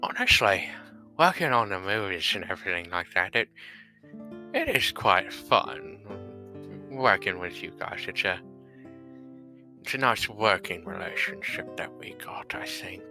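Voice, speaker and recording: Man playing an easygoing, mate-saying guy, low and bright-toned, improvised game role-play. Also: unhurried, creaky, faint music behind, full character voice, rough recording. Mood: friendly. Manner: relaxed, says mate often. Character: easygoing man named Clive, calls people mate.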